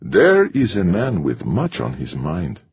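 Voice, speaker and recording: A man with a low, husky voice voicing a gracious older priest who speaks in a measured, formal way, in a dull lo-fi recording. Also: wildly swooping pitch, no room sound, full character voice. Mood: courteous.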